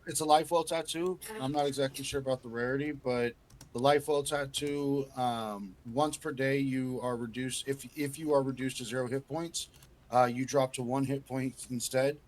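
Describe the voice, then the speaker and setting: A man's voice: mid-range voice, fairly even intonation, moderate pace, slight background noise. A man playing a tabletop game, explaining hesitantly with many fillers. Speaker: player. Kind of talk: casual tabletop game chat.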